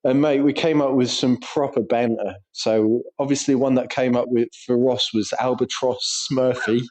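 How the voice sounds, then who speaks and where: A young man co-hosting a football podcast in relaxed chat. He jokes, swears freely and laughs through his own stories. His pitch sits in an average middle range. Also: normal speed. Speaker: podcast co-host. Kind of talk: casual chat.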